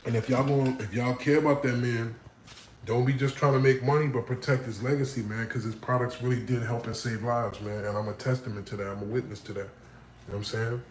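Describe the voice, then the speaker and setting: A man's voice: mid-range voice, steady tone, fast. A man telling a personal story to camera, talking casually and animatedly, with a lot of slang and swearing. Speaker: vlogger. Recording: roomy room with faint ambience.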